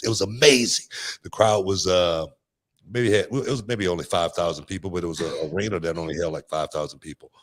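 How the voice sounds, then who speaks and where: A man's voice: low-pitched, fairly bright tone. A man from Houston hosting a casual show, telling wrestling stories in a rambling way, full of fillers and laughter. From Houston, USA. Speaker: podcast host, former wrestler. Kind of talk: casual chat.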